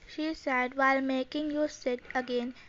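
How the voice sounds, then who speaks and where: A woman reading fan fiction aloud in a plain, even way, with non-native phrasing, on a dull lo-fi home recording. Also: high voice, normal speed. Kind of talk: story reading.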